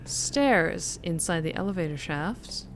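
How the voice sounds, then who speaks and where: A woman's voice: lowish voice, expressive, slow pace, noisy background, voice pushed down. An Australian streamer talking in a put-on general American accent while she plays a game and greets her viewers. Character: herself in a neutral American accent. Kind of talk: live game stream commentary.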